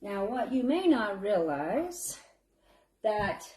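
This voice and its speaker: A woman's voice: medium pitch, sing-song, slow pace, dark tone. A woman in her thirties hosting a live baking stream, chatty and encouraging, admitting she feels nervous. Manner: chatty and encouraging, calls viewers honey. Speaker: home baker hosting a live fundraiser bake. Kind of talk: casual live-stream chat.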